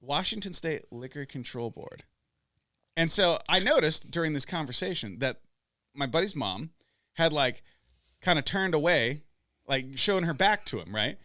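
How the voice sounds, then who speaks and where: A man hosting a podcast, telling stories in a loud, profane, animated way. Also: on the high side, normal speed, no echo, studio quality. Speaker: podcast host. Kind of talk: casual chat, storytelling.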